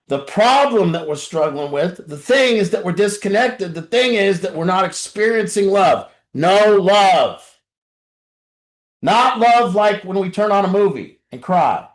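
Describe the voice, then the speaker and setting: A man speaking to a recovery group in an impassioned, confessional way, blunt and profane, dropping low and then shouting. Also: very animated, a little slow. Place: group meeting room. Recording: roomy echo.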